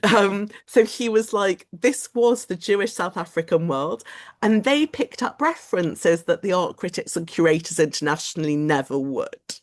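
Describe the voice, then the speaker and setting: A woman giving a lecture in a chatty, animated storytelling manner, often quoting other people's voices. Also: fairly low pitch, moderate pace. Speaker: guest lecturer. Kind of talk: lecture to a study group.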